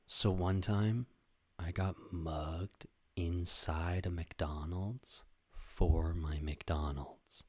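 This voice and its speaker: A man in his twenties from Canada, telling a comic story on his podcast, swearing freely and acting out other people's voices. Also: slightly rough. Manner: animated, swearing, acts out voices with big pitch jumps. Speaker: podcast host. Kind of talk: comedic storytelling.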